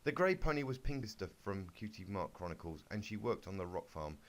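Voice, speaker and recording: A man's voice: lowish voice, sing-song, fairly quick. A man giving a comic reading of a fanfic, breaking off for sarcastic, exasperated asides and swearing. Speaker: fanfic reader.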